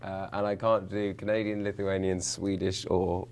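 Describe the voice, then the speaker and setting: A young actor with a notably low voice, chatting through interview questions. He rambles, restarts his sentences and pokes fun at himself, with plenty of fillers along the way. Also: little pitch movement, normal speed, a little mellow, a little hiss or hum. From England, London. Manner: rambling, self-mocking, many fillers and restarts. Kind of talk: casual interview answers.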